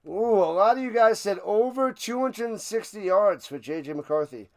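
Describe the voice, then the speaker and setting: A man hosting a live stream, giving play-by-play commentary and chatting with viewers, erupting into loud excitement on big plays. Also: high-pitched, normal speed, hardly any pauses. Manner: chatty, answers viewers' questions. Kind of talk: play-by-play commentary with chat banter.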